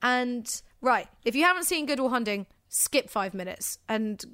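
A woman's voice: a little high, animated, sharp tone, smooth. Gushing, chatty woman. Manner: enthusiastic, gushing, quick asides. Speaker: podcast co-host. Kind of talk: casual chat.

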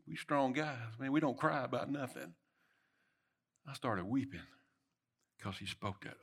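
A middle-aged man preaching a sermon, swinging between loud emphatic bursts and soft murmured lines. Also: medium pitch.

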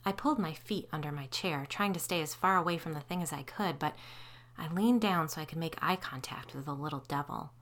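A woman narrating a spooky story in an even, suspenseful way. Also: sits low, brisk.

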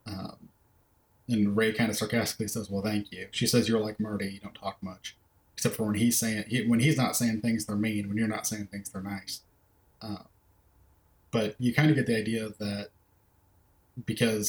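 A man with a fairly low voice talks films with a co-host in a relaxed chat. He walks through scenes in careful detail. His voice rings in an echoey room. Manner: thoughtful, recounts scenes in detail. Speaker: podcast co-host. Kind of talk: casual film discussion.

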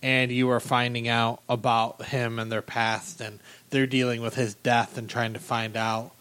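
A man's voice: medium pitch, flat delivery, measured pace, a bit bright, clear, resonant tone. A man chats casually as a podcast co-host. He rambles through a show recap, full of ums and restarts as he hunts for names and words. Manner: rambling, hesitant, searches for words. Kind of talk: casual chat.

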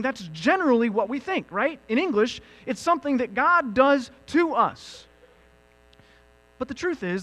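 A male pastor delivers a sermon in a high, lively voice that climbs and dips as he teaches. He adds emphatic asides, and a low mains hum runs under the recording. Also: low-quality recording.

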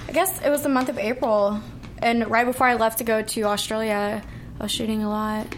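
A woman's voice: fairly high pitch, steady tone, a little fast, a little hiss or hum. A young woman chatting as an interview guest, blunt, giggly and swearing freely. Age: young adult. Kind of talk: casual interview chat.

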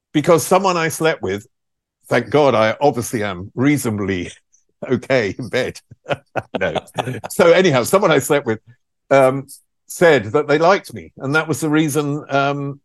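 A man's voice: medium pitch, no room sound, clean studio sound. An older man, a former presenter telling candid stories in an interview, frank and self-deprecating, laughing at himself. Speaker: former music TV presenter, guest. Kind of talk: candid conversational storytelling.

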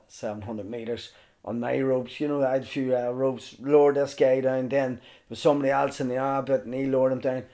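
A middle-aged man, telling a mountain story as a podcast guest, animated and swearing freely. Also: mid-range voice. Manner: animated, swears freely, acts out others' lines. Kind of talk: casual storytelling.

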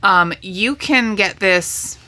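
A woman's voice: mid-range voice, takes it slowly, bright, forceful tone. A woman co-hosting a podcast in casual movie chat, sharing trivia in a chatty way. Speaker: podcast co-host.

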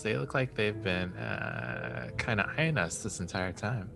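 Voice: medium pitch, moderate pace, gravelly, hardly any pauses, bright, forceful tone, faint music behind. A player in a tabletop game, speaking hesitantly. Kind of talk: casual tabletop play.

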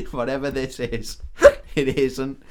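A man co-hosting a podcast, chatting casually about a film with quick jokey interjections and frequent giggles. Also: medium pitch, expressive, a crowd in the background. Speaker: podcast co-host.

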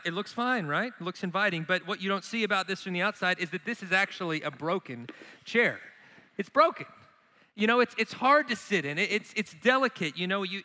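A man speaking as a guest on a church stage, telling stories in a relaxed, joking way about marriage. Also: sits high. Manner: storytelling with acted quotes and laughs. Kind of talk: casual stage talk to a church audience. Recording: echoey church hall.

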